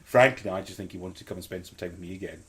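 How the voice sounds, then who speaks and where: A man's voice: deep voice, racing, a crowd in the background. A man telling stories in a casual chat, laughing often and restarting his sentences. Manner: storytelling, laughs often, self-interrupting. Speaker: guest.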